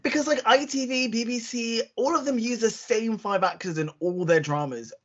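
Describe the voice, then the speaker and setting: Chatty podcast co-host, lo-fi sound. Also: mid-range voice. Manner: animated storytelling, quick acted-out quotes, many fillers. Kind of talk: casual chat. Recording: dull lo-fi recording.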